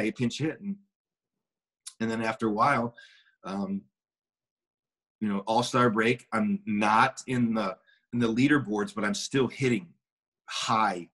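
Husky-voiced man telling a story. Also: lowish voice, a bit bright. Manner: rambling, with many restarts and acted quotes. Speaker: former pro baseball player, guest. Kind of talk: casual anecdotal storytelling.

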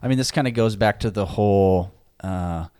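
Man, co-host, casual faith talk, easygoing, lower voice, dry sound. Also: darkish tone, smooth, no echo. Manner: easygoing, affirming, quick to joke. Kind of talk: casual conversation about faith.

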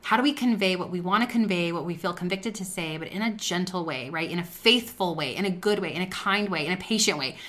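A woman's voice: fairly low pitch, quick pace, hardly any pauses, a bit bright. A woman hosting a faith-based business talk, speaking earnestly and conversationally and sharing personal stories. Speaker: podcast host.

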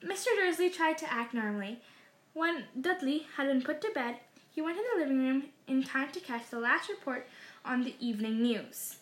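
A woman reading a story aloud in a measured way, slowing down for dramatic phrases. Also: high voice, lively intonation. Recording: roomy echo.

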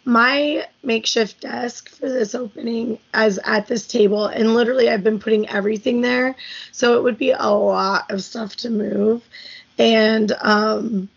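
A woman co-hosting a podcast in casual chat, hoarse after losing her voice, raspy and chatty, telling stories. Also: on the high side, fairly even intonation, a little slow, highs cut off. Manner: chatty storyteller, many "like"s. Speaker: podcast co-host.

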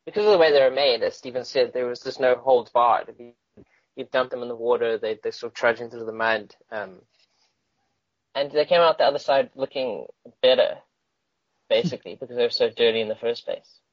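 Casting: chatty male host, mid pitch, dry and dull lo-fi sound. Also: a little fast, no echo. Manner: enthusiastic, laughs often, rambling. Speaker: podcast co-host. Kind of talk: casual chat.

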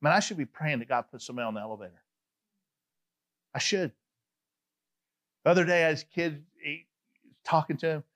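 High-voiced Southern pastor telling stories. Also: male voice, a little fast, pauses often. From Atlanta, Georgia. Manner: animated, chatty, frequent laughs and asides. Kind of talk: storytelling sermon.

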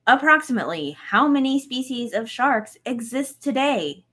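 A woman's voice: high-pitched, sing-song, moderate pace, fairly bright tone, husky. A woman co-hosting a casual quiz chat, reading questions plainly with small jokes. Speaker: co-host.

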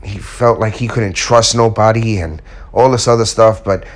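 A man's voice: on the low side, steady tone, moderate pace. A man speaking casually and candidly to his viewers, giving self-help advice and telling a personal story with acted-out quotes. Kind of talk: casual motivational talk to viewers.

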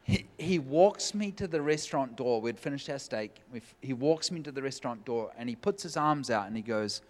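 A man preaching a sermon, telling a personal story in a lively way and acting out the voices of the people in it, at a church meeting. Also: medium pitch, moderate pace. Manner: lively, acts out quoted voices. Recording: long hall reverb.

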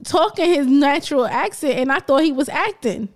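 Outspoken high-voiced woman. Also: expressive, normal speed. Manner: outspoken, laughing, blunt. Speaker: podcast co-host. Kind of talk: casual chat.

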